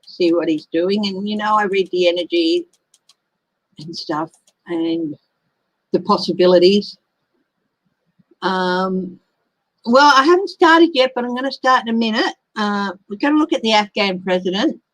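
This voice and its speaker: A woman's voice: mid-range voice, animated, unhurried, long pauses, rough recording. A woman, hosting a casual tarot livestream and chatting in a rambling way while she thinks aloud. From Australia. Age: 50s.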